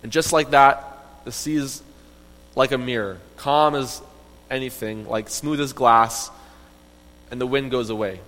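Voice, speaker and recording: A man telling a Bible story to children in an animated, conversational way, often asking his listeners questions. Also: medium pitch, unhurried, pauses often, in a large hall, rough recording. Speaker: Bible teacher.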